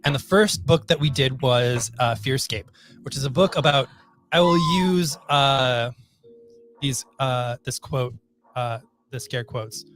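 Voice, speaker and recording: A man co-hosting a casual comics talk show, speaking haltingly with many fillers. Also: mid-range voice, fairly bright tone. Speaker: podcast co-host at a comic shop. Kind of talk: casual chat, reading book blurbs.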